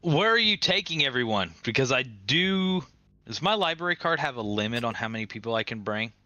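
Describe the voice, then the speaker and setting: A player talking casually at a tabletop game, animated and joking. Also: medium pitch, a little fast, dry recording, highs cut off.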